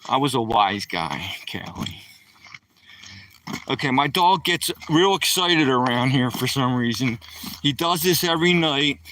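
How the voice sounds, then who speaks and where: A man's voice: medium pitch, pushed and bright, far from the mic. An older retired man with a Philadelphia accent, chatting casually with viewers on a night-time live stream while walking his dog outdoors, greeting them with a playful "yo, yo, yo.".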